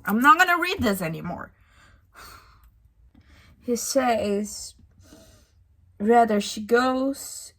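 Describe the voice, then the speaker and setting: Young female book vlogger, higher voice, slow and drawn-out, fed-up, sighing and swearing through her reactions. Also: breathy edge. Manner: exasperated, ranting with frequent sighs and swearing. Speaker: book reviewer. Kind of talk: casual book-reading reaction vlog.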